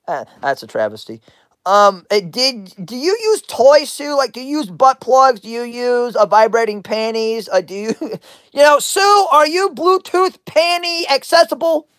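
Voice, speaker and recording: Slow-talking giggly woman streamer. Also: a little high, a bit bright, no room sound, clean studio sound. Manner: giggly, breaks into laughter often; crude, teasing questions at chatters. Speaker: livestream host. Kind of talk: rambling livestream chat.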